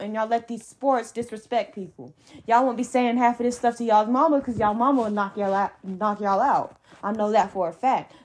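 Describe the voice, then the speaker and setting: A woman's voice: fairly high pitch, a little mellow. A young adult woman hosting a solo sports podcast, ranting in a heated, emphatic way with blunt slang. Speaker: podcast host.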